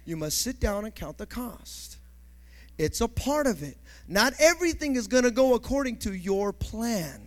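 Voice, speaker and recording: A male pastor preaching a sermon emphatically, building to shouts and calling for responses from the congregation. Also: high voice, big pitch swings, moderate pace.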